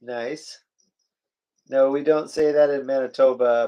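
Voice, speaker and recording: A man's voice: mid-range voice, steady tone, a little slow, dark tone, smooth. A man from the US West Coast co-hosting a casual live chat, joking and reading out viewer comments. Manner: chatty, joking, reads viewer comments aloud. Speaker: co-host of a live chat stream.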